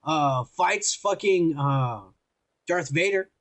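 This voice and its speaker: A man's voice: fairly high pitch, expressive, slow pace, fairly bright tone. A man co-hosting a podcast in casual, profane chat, rambling and teasing with lots of filler. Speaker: podcast co-host.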